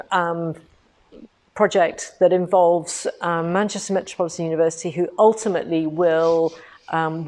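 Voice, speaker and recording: A woman's voice: fairly low pitch, a little mellow. A woman hosting a casual live stream from an indoor showroom, chatty and bubbly, laughing often. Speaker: host.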